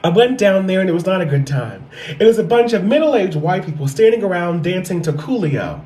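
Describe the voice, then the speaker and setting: A man's voice: sits high, animated, brisk, dark tone. A man in his thirties doing stand-up storytelling, sassy and profane, repeating his punchlines for effect. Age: 30s. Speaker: stand-up comedian. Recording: echoey room.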